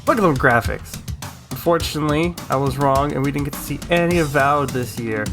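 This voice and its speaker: Young male gaming host, sarcastic and excitable, over loud background music. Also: a little high, fairly quick. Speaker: gaming YouTuber. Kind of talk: comedic recap commentary. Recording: music playing under the voice.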